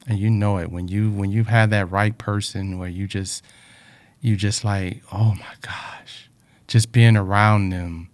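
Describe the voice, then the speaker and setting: A man's voice: fairly low pitch, darkish tone. A man in a reflective personal talk, speaking earnestly about life lessons and often repeating words, emotional with a drying throat.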